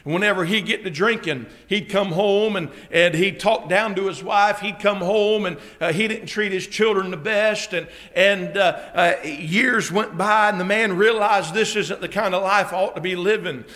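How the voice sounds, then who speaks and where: A man preaching in a high, bright voice, punctuating his story with amens. He builds from a steady telling to fervent, shouted calls, his tone cutting and forceful throughout. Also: normal speed, hardly any pauses. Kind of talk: sermon. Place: church conference hall.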